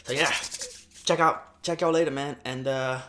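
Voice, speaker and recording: Young man, rambling vlog chat, slangy, swears a lot, mid pitch, echoey half-empty room. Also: fairly even intonation, normal speed, pushed and bright. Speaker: mukbang vlogger. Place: sparsely furnished echoey room at home.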